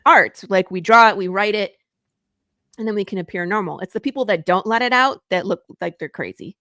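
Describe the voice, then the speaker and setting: A woman hosting a podcast in casual chat, talkative and quick to laugh. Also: mid-range voice, pushed and bright, no echo, clean studio sound. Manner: chatty, laughs often. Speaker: podcast host.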